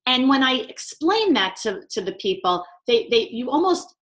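A woman's voice: high voice, sing-song, normal speed, a bit bright. A woman with a New York accent, a communication trainer speaking emphatically in a webinar conversation.

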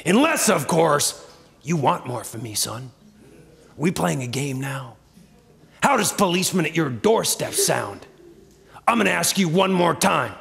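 A man voicing a blustering male bank official who shouts threats down the phone, heard on a stage with long reverb. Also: fairly high pitch, lively intonation, a little slow, gravelly, pauses often, heavily acted. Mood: menacing. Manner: shouting, menacing. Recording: long reverb of a live theater.

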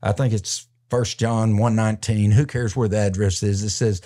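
A man's voice: lowish voice, fairly even intonation, normal speed, few pauses, dark tone. A man hosting a faith podcast, talking in an earnest, preacherly way and quoting scripture. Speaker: podcast host and minister. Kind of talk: preaching commentary in a podcast chat.

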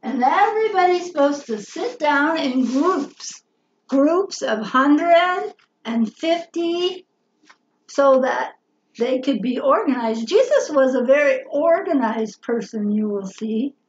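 A woman's voice: sits high, lively intonation, slow pace, slight background noise. A woman teaching a children's Bible lesson, telling the story expressively and asking her listeners questions. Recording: roomy, slightly dull recording.

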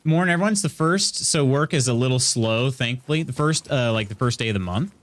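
A man's voice: medium pitch, lively intonation, fast talker. A man from central Illinois giving casual live commentary while streaming a game, thinking aloud and greeting his chat. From central Illinois, USA.

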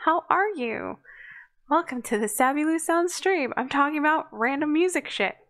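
Casual woman streamer at a home desk mic: rambling, apologetic, quick to laugh. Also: high-pitched, animated, a bit bright. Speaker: streamer and podcast host. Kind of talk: casual livestream chat.

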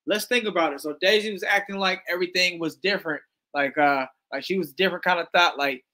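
A man's voice: high-pitched, fast talker, hardly any pauses, sharp tone. A man doing casual live-stream commentary, loose and slangy, reading chat messages aloud as he reacts to a clip.

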